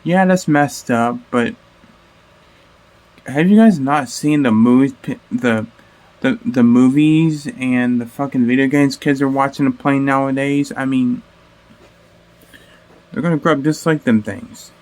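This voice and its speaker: A man's voice: mid-range voice, unhurried, pauses often, a little mellow. A man hosting a reaction video, talking casually in a rambling way, correcting himself mid-sentence and swearing offhandedly.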